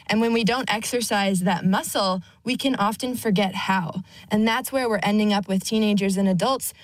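A woman's voice: medium pitch, moderate pace, no echo, rough recording. A woman nonprofit executive on a radio interview, giving earnest advice.

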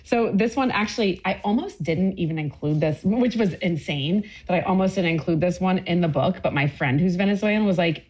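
A woman's voice: lowish voice, brisk, few pauses, a little mellow, husky. A woman talking about her cookbook in a casual interview, enthusiastic and rambling with lots of fillers. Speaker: cookbook author guest.

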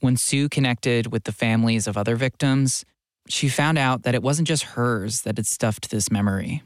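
Man narrating in a steady voice. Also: medium pitch, dry recording, studio quality. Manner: measured, steady storytelling. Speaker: radio narrator. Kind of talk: scripted narration. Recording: music bed under the voice.

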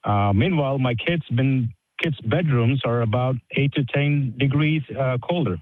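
A man's voice: mid-range voice, normal speed, dry recording. Hesitant man calling in over a phone line. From Michigan, USA. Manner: hesitant, many ums and uhs. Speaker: caller. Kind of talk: call-in question on the radio. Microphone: telephone. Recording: tinny phone line, dry.

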